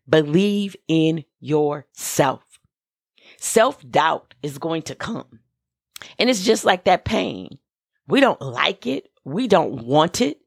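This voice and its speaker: A woman minister gives a motivational podcast talk in a low voice. She speaks slowly and deliberately, repeating her key lines and telling listeners exactly what to do. The sound is close and dry, with no room echo. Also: gravelly. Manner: emphatic, repeats key phrases, gives direct instructions.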